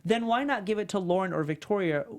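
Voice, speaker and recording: A man co-hosting a podcast, chatting casually and giving exasperated, animated opinions. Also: high voice, fast talker, clean tone. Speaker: podcast co-host. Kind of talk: casual recap chat.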